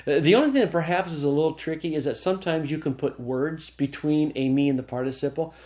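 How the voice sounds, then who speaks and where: A man's voice: a little high, fast talker, darkish tone. A man teaching a Greek grammar class, explaining step by step and checking in with his students. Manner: explanatory, checks in with "okay?", frequent restarts. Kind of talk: recorded classroom lecture.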